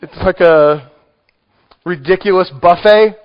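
A man's voice: a little high, normal speed. A man with a Texan accent preaching a sermon, conversational and joking with the congregation. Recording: muffled lo-fi recording.

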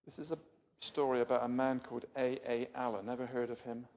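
An older English preacher speaks a little fast in a mid-range voice with a level tone. His sermon is informal and talkative, full of questions for the listeners and self-mockery, and it's recorded muffled in an echoing hall.

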